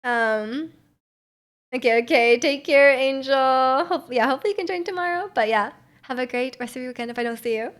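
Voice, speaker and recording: A woman's voice: high voice, a little fast. A young woman streaming and chatting casually with her viewers, rambling and filling her talk with "like" and little laughs. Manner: rambling, heavy use of "like", frequent laughs.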